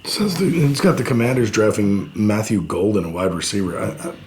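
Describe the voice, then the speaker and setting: A man's voice: on the low side, a little fast, darkish tone, a little hiss or hum. A man co-hosting a casual sports talk show, wry and joking as he reads picks aloud. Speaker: podcast co-host.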